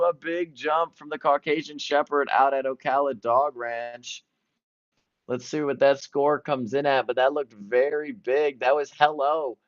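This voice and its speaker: Male commentator, excited live play-by-play, mid-pitched, dry and dull lo-fi sound. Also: no room sound. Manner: excited, jumping between events. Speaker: sports commentator.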